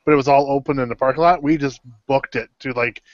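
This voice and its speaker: A man's voice: mid-range voice, steady tone, quick pace, no room sound. A man co-hosting a casual podcast, chiming in with his own stories in a laid-back way. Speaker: podcast co-host. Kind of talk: casual chat. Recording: dry, muffled lo-fi audio.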